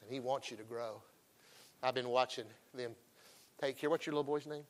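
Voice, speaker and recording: A middle-aged man preaching a folksy revival sermon, emphatic and swinging between loud calls and hushed asides. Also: mid-range voice, steady tone, moderate pace.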